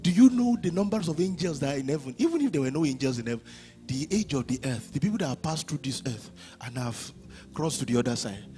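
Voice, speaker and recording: A man preaching a sermon as pastor, swinging from hushed lines to shouted ones. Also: on the high side, animated, fast, soft background music.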